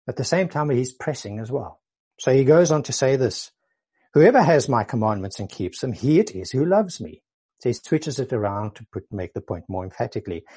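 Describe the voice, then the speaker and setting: A man's voice: medium pitch, dark tone, husky. A man preaching a sermon, earnest and explanatory, repeating key phrases for emphasis.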